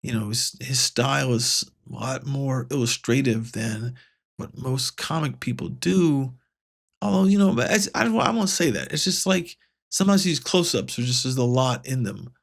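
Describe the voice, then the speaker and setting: Man host talking through a comic, gravelly, mid-pitched, loose and rambling. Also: animated, moderate pace. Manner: rambling, many fillers and restarts; paraphrases dialogue in a lightly raised voice. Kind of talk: casual comic book review.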